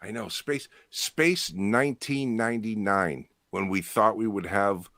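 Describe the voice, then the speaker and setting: A man's voice: fairly low pitch, unhurried, fairly bright tone, dry recording, clean studio sound. A middle-aged man hosting a casual chat, rambling and laughing, often restarting his sentences. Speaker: podcast host. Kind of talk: casual bar-style chat.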